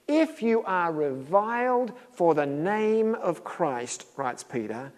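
A man's voice: fairly high pitch, measured pace, darkish tone, long reverb tail. A middle-aged man preaching a sermon in a conversational way, acting out little dialogues with a chuckle. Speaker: pastor.

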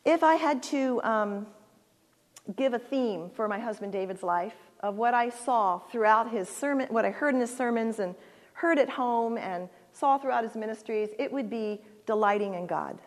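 A woman in her sixties, speaking as a guest at a church, gives an earnest, heartfelt personal talk with halting restarts and closes in prayer. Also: on the high side, expressive. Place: church sanctuary. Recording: long reverb of a large church hall.

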